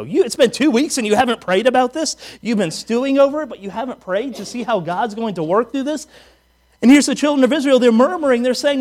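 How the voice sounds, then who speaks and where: Man, high voice, pastor, joking conversational sermon, rhetorical questions. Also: fast talker, darkish tone.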